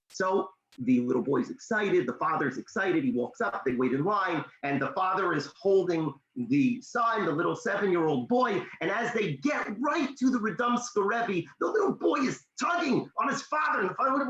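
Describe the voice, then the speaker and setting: A motivational speaker, a man, telling a story in a discussion, animated, his voice leaping up when excited. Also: sits high, normal speed. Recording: echoey room, dull lo-fi sound.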